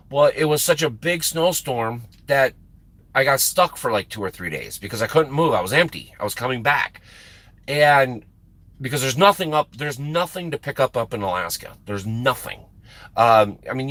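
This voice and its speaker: Rambling trucker streamer. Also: male voice, mid-range voice, a bit bright, no echo. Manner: rambling, emphatic, repeats words for effect. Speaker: livestream host and truck driver. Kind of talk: casual chat with stream viewers.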